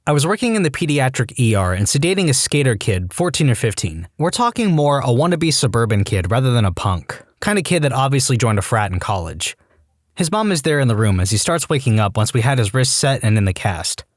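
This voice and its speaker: A man narrating Reddit stories for a podcast, his voice swinging widely in pitch as he reads. The sound is close and dry, with no room around it, and he slips eagerly into acted bits of dialogue. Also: brisk, no room sound. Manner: animated reading that jumps into high-pitched acted quotes. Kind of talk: reading Reddit stories aloud.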